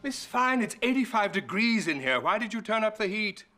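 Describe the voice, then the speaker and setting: An actor playing a dry, sardonic butler. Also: male voice, sits high, big pitch swings, normal speed, loud music behind the voice. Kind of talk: sitcom acting.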